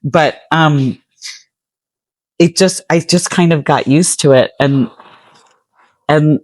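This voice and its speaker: A woman's voice: sits low, slow, a little mellow, no echo. Chatty woman, American accent with Antipodean touches. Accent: American with some Australian and New Zealand traits. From United States. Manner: chatty, frequent "like" fillers. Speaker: guest poet. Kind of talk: casual interview chat.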